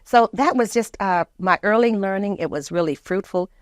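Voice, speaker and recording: A woman's voice: mid-range voice, normal speed, no echo, clean studio sound. An older woman from the American South, a community leader telling childhood stories in an interview and acting out what her family said. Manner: lively storyteller who acts out family quotes. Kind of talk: reminiscing interview storytelling.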